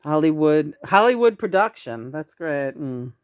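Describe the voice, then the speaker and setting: A woman's voice: deep voice, expressive, measured pace, no echo, studio quality. A woman in her sixties chatting casually in a rambling, profane way, often breaking into chuckles. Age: 60s. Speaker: vlogger.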